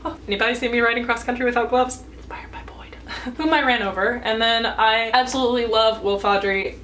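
A woman's voice: a little high, quick pace, fairly bright tone, slight background noise. An eighteen-year-old American woman answering viewer questions in a casual vlog, bubbly and chatty, giggling between answers. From United States. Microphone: camera mic.

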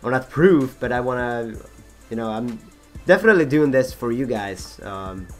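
Rambling young man, husky voice, faint music. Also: mid-range voice, expressive, moderate pace. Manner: rambling, self-mocking, many fillers and restarts. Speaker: gaming channel host. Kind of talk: rambling gameplay commentary.

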